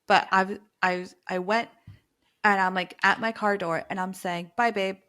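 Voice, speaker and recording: A woman's voice: mid-range voice, flat delivery, a little slow, sharp tone. A woman in her thirties co-hosting a podcast, telling everyday stories in casual chat and laughing as she talks. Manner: chatty storyteller, laughs mid-sentence. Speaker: podcast co-host.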